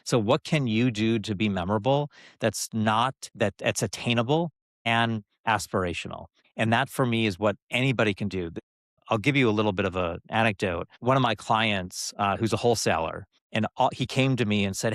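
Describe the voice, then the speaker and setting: A man's voice: on the low side, moderate pace, fairly bright tone, no room sound, studio quality. A middle-aged man, a former TV executive, talking casually as an interview guest and telling anecdotes that drive points home by repeating phrases. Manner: loose delivery with frequent fillers and restarts. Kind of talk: conversational storytelling.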